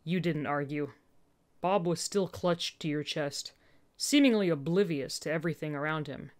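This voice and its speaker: A woman narrating a story in a gentle, earnest way. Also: low-pitched, moderate pace. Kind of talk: storytelling narration, fan dub reading.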